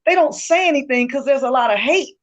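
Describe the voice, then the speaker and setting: Woman author, expressive storyteller in interview, dull lo-fi audio. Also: high-pitched, fairly quick. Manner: expressive, acts out quoted voices, laughs often. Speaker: guest author. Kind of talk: animated storytelling in conversation.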